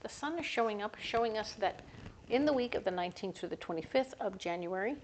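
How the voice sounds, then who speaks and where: A woman's voice: mid-range voice, lively intonation, fairly quick, slight background noise. Chatty woman giving a tarot reading. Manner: chatty, upbeat, self-correcting. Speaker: tarot reader. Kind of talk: casual tarot reading to camera.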